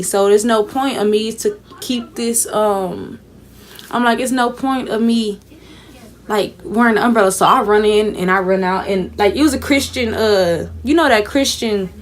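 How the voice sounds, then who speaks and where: A fairly high-pitched female voice, with a bit of hiss or hum in the recording. She's a young Houston, Texas vlogger doing a casual storytime packed with cursing, impersonating the people in it while removing her braids.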